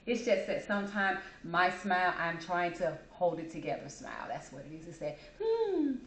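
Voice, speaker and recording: A woman's voice: fairly low pitch, brisk, a bit bright. Chatty woman in an echoey room. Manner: emotional, chatty, smiles and laughs while talking. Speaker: host. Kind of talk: casual personal talk.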